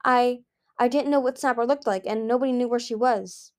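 A woman's voice: fairly high pitch, brisk, pitched above the performer's own voice, natural voice. A woman reading the lines of a timid young male dragonet prince who stammers and pleads. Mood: nervous.

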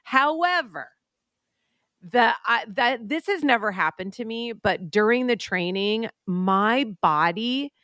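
A woman co-hosting a podcast, telling a story in casual chat, animated and full of restarts. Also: on the high side, takes it slowly, no echo, clean studio sound. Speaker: podcast co-host and preacher.

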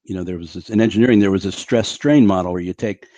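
A man's voice: sits low, fast talker, dark tone, no echo, highs cut off. Emphatic middle-aged man explaining bluntly. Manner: emphatic, blunt explainer who acts out quotes. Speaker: podcast guest, physician and stress expert. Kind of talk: conversational interview explanation.

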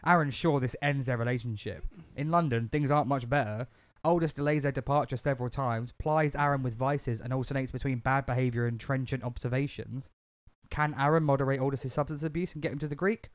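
A man's voice: medium pitch, fairly even intonation, fairly quick, no room sound. A man co-hosting a casual podcast chat, rambling and laughing often as he talks through a film. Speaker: podcast co-host.

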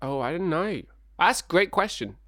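A man co-hosting a comedy podcast, playful, silly and quick to laugh. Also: on the high side, expressive, a bit bright, no echo, studio quality. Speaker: podcast co-host. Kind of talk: casual comedy chat.

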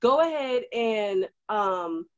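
A woman co-hosting a casual chat at her desk, talking in an animated, rousing and exhortative way. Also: medium pitch, slow pace, dry recording. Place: at a desk indoors. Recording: dull, lo-fi, dry recording.

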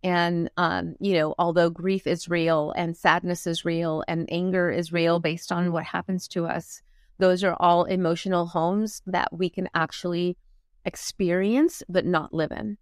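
Woman coach opening up in an interview, slow reflective pauses, kinda low voice, dry mic. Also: level tone, no echo. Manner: earnest and reflective, with frequent pauses and fillers. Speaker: guest, motivational speaker and performance coach. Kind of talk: candid personal storytelling in an interview.

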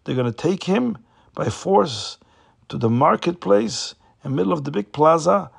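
A man retelling a story casually, with a raspy voice and frequent fillers. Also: fairly high pitch, animated, normal speed.

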